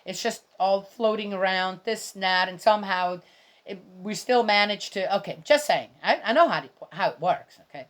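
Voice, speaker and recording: A woman's voice: mid-range voice, animated, moderate pace. A middle-aged woman giving casual, indignant commentary on a Bible reading, rambling and speaking straight to her viewers.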